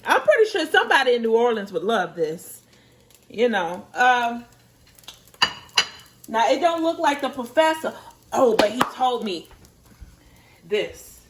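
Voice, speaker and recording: A chatty mother with a slightly high voice talks through her cooking in a home kitchen, apologizing and joking about the results. She stands a bit away from the mic, and a frying pan sizzles loudly behind her. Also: big pitch swings, unhurried, long pauses, roomy sound, far from the mic. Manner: chatty, apologetic, laughs at her own mistakes. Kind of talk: casual cooking vlog. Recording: voice a little off-mic, noisy kitchen. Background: sizzling frying pan and clicks.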